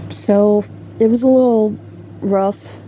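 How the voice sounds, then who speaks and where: Mellow-voiced woman telling a story, hesitant. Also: mid-range voice, a little hiss or hum. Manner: hesitant, with fillers and self-corrections. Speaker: storyteller vlogger. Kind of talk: casual personal storytelling.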